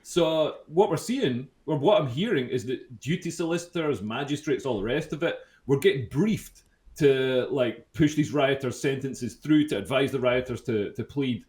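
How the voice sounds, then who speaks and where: A man co-hosting a casual political podcast chat, sarcastic, often dropping his voice low. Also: moderate pace, darkish tone. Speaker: podcast co-host. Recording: roomy echo.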